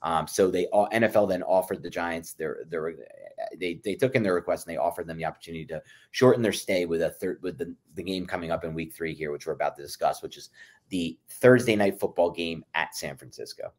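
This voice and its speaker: A man's voice: low voice, brisk, darkish tone. A man co-hosting a football podcast, giving emphatic, opinionated analysis and often addressing his co-host by name. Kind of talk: sports analysis chat.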